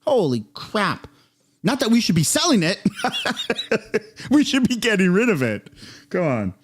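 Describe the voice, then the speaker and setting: Streamer type: excitable man reacting live, lively swooping delivery, exclaims and curses freely. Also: high-pitched, a little slow, slight background noise. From Canada. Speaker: streamer reacting to political clips.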